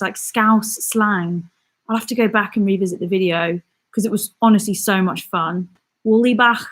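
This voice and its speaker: A young woman hosts a relaxed live stream at a middle pitch. She reads viewers' comments aloud and answers each one in an easy, chatty way. She laughs often and corrects her own words as she goes. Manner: often laughs and corrects herself mid-sentence. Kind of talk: casual live-stream chat.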